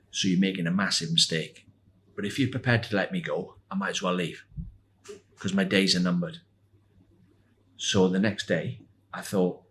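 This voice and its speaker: A man in his sixties, a former footballer, telling animated anecdotes as a podcast guest and laughing as he goes. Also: low voice, slight background noise. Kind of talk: anecdotal storytelling.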